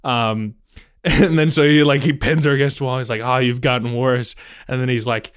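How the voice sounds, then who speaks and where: A man's voice: medium pitch, brisk, clear, resonant tone. A man co-hosting a book podcast in casual chat, teasing his co-host and laughing often. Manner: teasing, laughing, and loud when joking.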